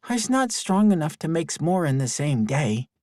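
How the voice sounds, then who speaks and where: A man's voice: very animated, normal speed, darkish tone, no echo, clean studio sound. A man doing a shy little dragon girl. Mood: gentle. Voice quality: high childlike voice, toddler grammar.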